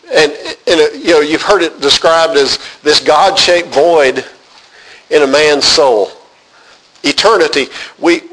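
A male preacher delivering a sermon in a somewhat high voice. He talks with animated emphasis and repeats words as he works through scripture. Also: poor audio.

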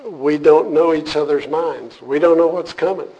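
Leading a church class, a man starts out light and jokey, then becomes earnest as he works through an explanation in this casual sermon to a live group. His voice sits on the high side with fairly even intonation and normal speed, and the sound quality is lo-fi.

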